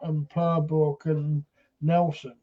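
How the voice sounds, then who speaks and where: A man's voice: a little high, level tone, slow, lo-fi sound. Man telling a ghost story. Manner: retells a story with many "he says" and acted quotes. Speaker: paranormal investigator. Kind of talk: casual storytelling chat.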